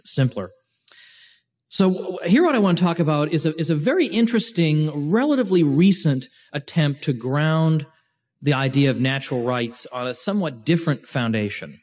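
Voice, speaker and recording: Chatty male lecturer, animated asides. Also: on the high side. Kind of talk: informal lecture to a class.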